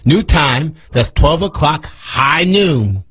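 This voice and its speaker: A man hosting a radio talk show, emphatic and repeating his phrases like a sales pitch. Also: expressive, takes it slowly, a bit bright, husky, low-quality recording.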